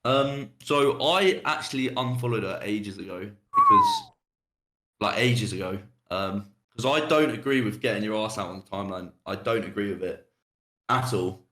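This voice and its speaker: A man's voice: fairly low pitch, wildly swooping pitch, moderate pace, sharp tone, a little hiss or hum. Young man, podcast host, blunt, sweary, casual chat, echoey room. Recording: roomy echo.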